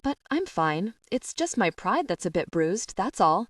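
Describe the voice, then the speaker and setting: A woman's voice: medium pitch, sing-song, a little slow, no echo, clean studio sound, recorded from a distance. A woman voicing an older father who has fallen and keeps insisting he is fine. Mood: reassuring. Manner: downplaying, reassuring.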